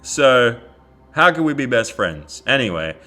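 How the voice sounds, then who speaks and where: Bright-voiced Australian man, bemused. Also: mid-range voice, big pitch swings, unhurried. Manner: bemused, recounting chat messages. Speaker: YouTuber. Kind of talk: casual storytelling vlog.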